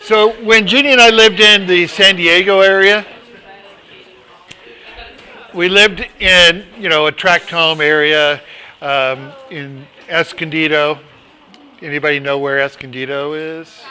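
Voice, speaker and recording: Bright-voiced man leading a chatty Bible study. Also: on the high side, steady tone, a little slow, clean tone. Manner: chatty, rambling, with asides and restarts. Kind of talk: casual Bible study teaching.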